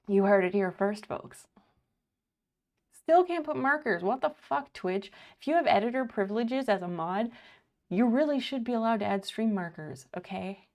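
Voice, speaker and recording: A woman's voice: mid-range voice, expressive, moderate pace, a little mellow. A woman livestreamer chatting casually at home, thanking viewers by name while sewing.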